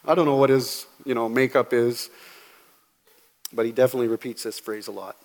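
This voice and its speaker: A pastor preaching a sermon, talking conversationally with asides and reading scripture aloud. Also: male voice, mid-range voice, fairly even intonation, a little fast, in a large hall. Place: church sanctuary.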